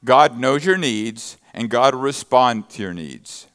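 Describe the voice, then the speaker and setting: A man's voice: mid-range voice, animated, a little slow, fairly bright tone, clear, resonant tone. Man, pastor, sermon, scripture reading, emphatic bursts. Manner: emphatic preaching with rising bursts of intensity; reads scripture verses then expounds them.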